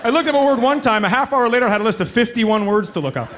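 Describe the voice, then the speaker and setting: A man's voice: very high voice, lively intonation, rapid-fire, slight background noise. A man doing a stand-up set in a comedy club, sarcastic and acting out voices. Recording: live club with loud crowd laughter. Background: audience laughter.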